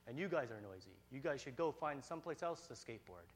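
A man voicing a grumpy bald neighbor in his fifties, who speaks in a gruff, dismissive, low and quiet way. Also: lively intonation, fast, lightly acted. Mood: grumbling.

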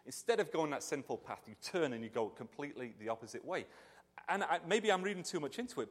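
A middle-aged pastor preaching in an easygoing, conversational way, full of restarts and asides. His pitch jumps around a lot. The voice carries a long reverb, as in a big church hall. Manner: animated, chatty, with restarts and asides. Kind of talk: conversational sermon.

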